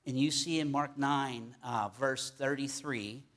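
A man's voice: mid-range voice, fairly even intonation, unhurried, a bit bright. A man teaching scripture in a loose, conversational sermon, often repeating words for emphasis and restarting phrases. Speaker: Bible teacher.

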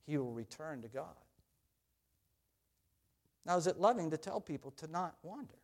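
A middle-aged male pastor delivers a sermon in a somewhat high voice. He preaches earnestly, rising loud and high when quoting scripture and sinking low and soft when asking his listeners questions. His talk is plain and direct, with a few restarts. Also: very animated, moderate pace.

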